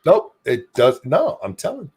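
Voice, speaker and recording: A man's voice: on the high side, normal speed, husky. An older man hosting a casual streamed talk show, swearing freely and joking about himself. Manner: profane, animated, self-deprecating. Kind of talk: casual chat.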